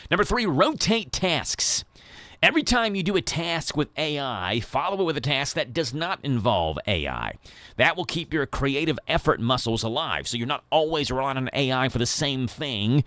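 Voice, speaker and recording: A man's voice: medium pitch, bright, forceful tone, no room sound. A man hosting a morning radio show, talking casually and walking through points one by one. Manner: chatty, explains in numbered points. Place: radio studio. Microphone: studio microphone.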